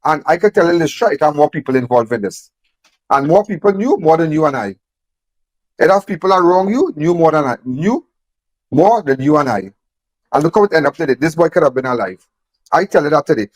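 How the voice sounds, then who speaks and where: A man's voice: a little high, animated, a little fast, dry recording. A man speaking emphatically, repeating phrases and firing off rhetorical questions. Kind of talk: impassioned on-camera talk.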